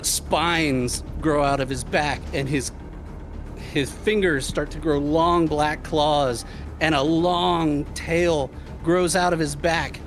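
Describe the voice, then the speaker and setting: A man narrates his character's actions at an unhurried, deliberate pace, his voice sitting somewhat high for a man. He talks his way through the game rules aloud, with faint music behind him. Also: a bit bright. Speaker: player.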